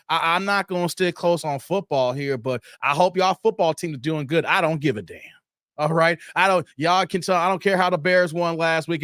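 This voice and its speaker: A man hosting a casual live stream, talking in loose slang, greeting viewers by name and getting animated as he riffs. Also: dry recording, studio quality. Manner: animated, jumps high in pitch when worked up.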